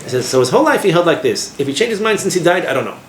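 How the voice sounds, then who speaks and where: A man, a rabbi, teaching an informal class in a lively way, asking his listeners questions and using Hebrew terms. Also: fairly high pitch, very fast. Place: classroom with a small group. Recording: echoey room with background noise.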